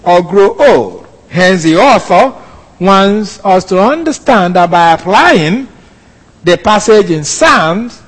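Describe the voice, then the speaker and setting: Guy teaching a bible lesson, slow and careful, voice on the high side, lots of hall echo. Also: expressive. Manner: measured, explanatory, corrects himself mid-phrase.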